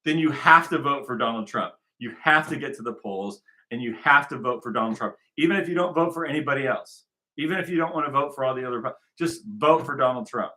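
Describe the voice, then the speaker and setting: A man's voice: mid-range voice, fast talker, pushed and bright. An American man from the United States giving sarcastic, rambling commentary on news clips and often repeating phrases.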